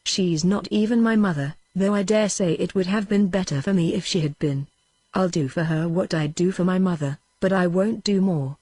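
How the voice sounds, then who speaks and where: A synthetic woman's voice with a British English accent reading a novel aloud as an audiobook, at an even, steady pace. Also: on the low side, moderate pace, no room sound. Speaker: audiobook narrator.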